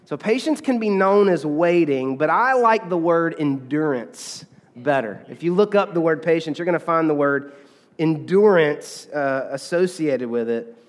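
A man's voice: fairly high pitch, animated, unhurried, in a large hall. A man preaching a sermon as pastor, in a conversational, chatty way, often checking in with the congregation. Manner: conversational, with frequent "okay?" and fillers.

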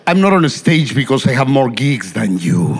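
A man's voice: mid-range voice, big pitch swings, moderate pace, soft background music. A man playing a sassy Chicano GPS. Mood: sardonic. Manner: sardonic, drops Spanish words and insults. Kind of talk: comic stage dialogue.

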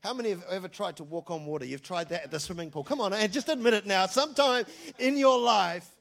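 High, gravelly New preacher. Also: male voice, fast talker. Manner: energetic, conversational, jokey storytelling. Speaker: pastor. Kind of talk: sermon.

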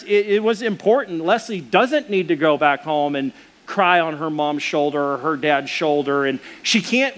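A man with a fairly high voice preaches, weaving a personal story into his sermon. He tells it in an animated way and pokes fun at himself. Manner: animated, self-deprecating storyteller. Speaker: pastor.

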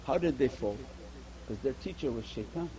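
Mellow-voiced man preaching a sermon. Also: mid-range voice, expressive, a little fast, a little hiss or hum, rough recording. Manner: repetitive preaching cadence with rhetorical questions. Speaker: Sufi teacher.

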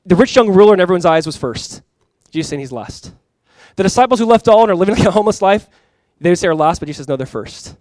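A male pastor delivers a sermon at a quick clip, his voice sitting a little high for a man. He preaches in a conversational, emphatic way, with asides and direct appeals to his listeners. The sound is close and dry, with little room echo. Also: lively intonation, darkish tone. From California.

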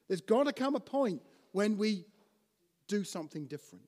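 A man preaching a teaching sermon in an animated way, often restarting and putting questions to his listeners. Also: high voice, normal speed, in a large hall.

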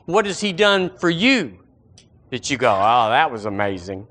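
A man's voice: mid-range voice, very animated, measured pace, sharp tone. A man preaching a sermon as pastor, emphatic and repetitive, swinging his voice up and down.

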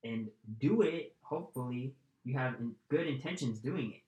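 A man's voice: medium pitch, animated, normal speed, dark tone. A man giving a casual spoken lesson on communication, blunt and profane, talking straight to the listener. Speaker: communication coach. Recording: echoey room.

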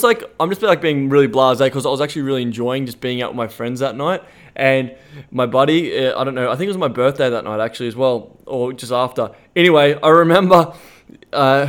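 A man's voice: medium pitch, clean tone. A young Australian man hosting a podcast, telling a story in a casual, rambling way full of swearing and "like" fillers. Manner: rambling, profane, many "like" fillers. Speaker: podcast host.

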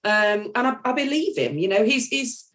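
A woman's voice: on the high side, very animated, moderate pace, fairly bright tone. A woman talking about football on a podcast. She talks in a hesitant way, with frequent ums and restarts. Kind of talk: casual chat.

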